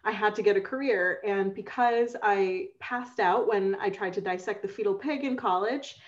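Woman author chatting on a panel, lively quick bits, bit muffled video call sound. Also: mid-range voice. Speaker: panelist romance author and lawyer.

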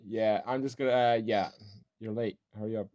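A man's voice: lowish voice, fairly even intonation, normal speed, a little mellow. A man with a non-native English accent running a clan's gaming voice chat, impatient and bossy, swearing at players to hurry up and join. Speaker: clan leader organizing a training match. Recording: dull lo-fi game voice chat.

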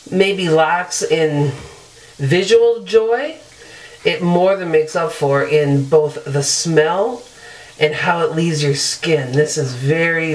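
A woman's voice: low-pitched, low-quality recording. A woman beauty vlogger chatting casually through a product demo in her bathroom, upbeat and loose with fillers.

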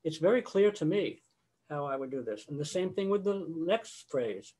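A man's voice: a little high, lively intonation, moderate pace, dark tone. Older man conducting a casual video-call lecture. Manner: conversational, sings example phrases mid-explanation. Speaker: choral conductor giving a lecture.

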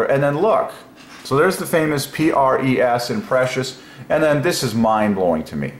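A man hosting a casual solo video, musing aloud and breaking into excited exclamations. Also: mid-range voice. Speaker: religious video host. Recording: echoey room with faint noise.

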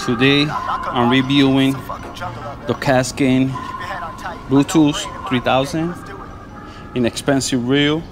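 A man vlogging while fishing outdoors on a lapel mic, talking casually and excitably, with "man" and "bro" in every sentence. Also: medium pitch, slow pace, pauses often, music in the background. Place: outdoors by the water.

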